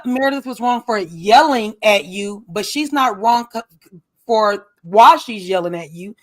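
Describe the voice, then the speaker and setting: A man co-hosting a casual reality-TV recap chat, animated and emphatic, talking in bursts. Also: sits high, dry recording. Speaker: podcast co-host.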